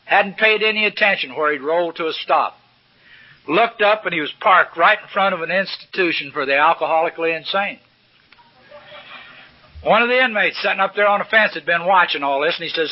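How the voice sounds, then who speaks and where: Standing at a podium in a meeting room, an older man gives an AA recovery talk, telling plain-spoken, folksy stories laced with salty humor. His voice is a little high for a man and a little fast, and the recording sounds dull and lo-fi, like an old tape.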